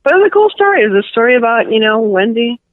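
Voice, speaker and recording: A middle-aged woman with a Cuban New Yorker accent chats as a guest author in a casual interview, rambling and full of fillers. Her voice is a little high with big pitch swings, and she talks rapid-fire. There's no echo, though the phone line sounds tinny.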